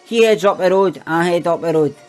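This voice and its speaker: A man's voice: high voice, fairly quick, darkish tone, soft background music, lightly acted. A man playing a young Glaswegian petty thief who boasts about his crimes in sweary street slang. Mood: boastful. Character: cocky young Glasgow petty thief, boastful and foul-mouthed. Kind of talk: comic monologue.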